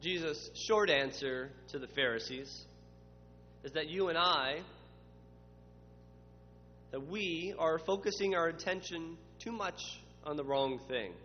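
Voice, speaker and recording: A man's voice: on the high side, takes it slowly, long pauses, faint music behind. A man preaching a sermon, building to emphatic spoken lists. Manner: dramatic voices for quoted questioners, builds to emphatic lists. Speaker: pastor. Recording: muffled, with long reverb and faint hum.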